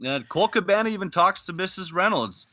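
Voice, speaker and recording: A man from Canada hosting a podcast, retelling a wrestling clip in a lively storytelling way with acted-out quotes. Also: high voice, fairly quick, no echo, muffled recording. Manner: animated storytelling, acting out quotes. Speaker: podcast host. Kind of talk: casual podcast recap.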